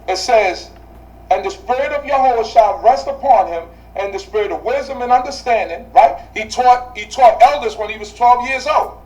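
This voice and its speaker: Bible teacher, class lesson, rhetorical questions, repeats phrases, mid pitch, a bit distant from the mic. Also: moderate pace, a little mellow. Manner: repeats key phrases for emphasis.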